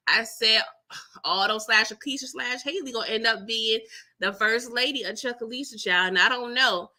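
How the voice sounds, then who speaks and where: Lady doing a live recap, super bright voice, kinda high, laughing and chatty, lots of okay? and girl. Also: moderate pace. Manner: animated, chatty, laughs often, tags lines with "okay?" and "girl". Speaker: TV episode recap host. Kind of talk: casual live-stream recap chat.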